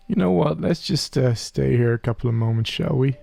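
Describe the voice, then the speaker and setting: A man with a gravelly, dark-toned voice narrates his Minecraft let's play, staying in character. He talks softly and earnestly to a creature beside him. Faint music plays underneath. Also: mid-range voice, expressive, fairly quick. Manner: soft, earnest in-character musing, talking to a game creature.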